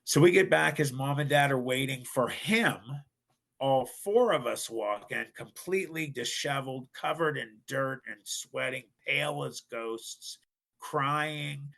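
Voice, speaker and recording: A man from northern Ohio, a podcast guest, telling a personal story in an animated way and acting out what other people said. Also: mid-range voice, unhurried, vocal fry, low-quality recording. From northern Ohio, USA. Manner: animated, acts out other people's lines, frequent restarts.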